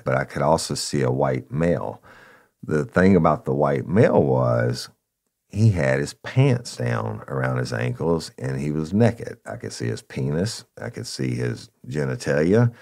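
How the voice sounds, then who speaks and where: A man casually telling a story from his police days, acting out the people involved and often saying "y'all". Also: extremely low pitch. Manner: animated retelling, acts out voices, says "y'all". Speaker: podcast host, former police officer.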